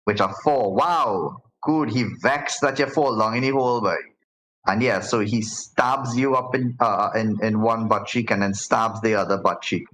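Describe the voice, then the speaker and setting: A man with a fairly low voice runs a tabletop game, narrating loosely with lots of fillers and restarts. Faint ambient noise sits under him. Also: steady tone, normal speed, fairly bright tone, poor audio. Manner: casual, many fillers and restarts. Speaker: game master.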